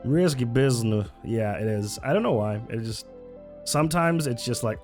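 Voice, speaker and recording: A young man chats casually on a livestream, rambling and joking and often cutting himself off mid-sentence. His mid-range voice is a little mellow and moves at a moderate pace, with soft music in the background.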